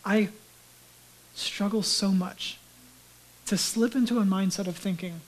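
A man giving a sermon as a pastor, talking conversationally and dropping to a hushed whisper for emphasis. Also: high voice, unhurried, low-quality recording.

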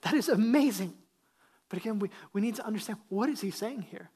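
Emphatic preaching pastor. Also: male voice, sits high, fast, a little mellow, slightly rough. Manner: emphatic, asks the congregation rhetorical questions. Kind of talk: sermon.

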